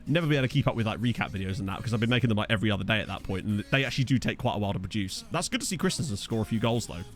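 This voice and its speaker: A man's voice: fairly low pitch, animated, very fast. A young man from Essex with an Essex accent, chatting casually while streaming a football management game and answering his chat. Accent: Essex English. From Essex, England. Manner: chatty, reads chat aloud, jokey asides.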